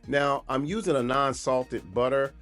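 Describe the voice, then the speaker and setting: A man's voice: mid-range voice, a little slow, soft background music. A man hosting his own cooking video, chatting casually and repeating himself while he shows the dish. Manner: relaxed, chatty, repeats and restarts phrases. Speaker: cooking show host.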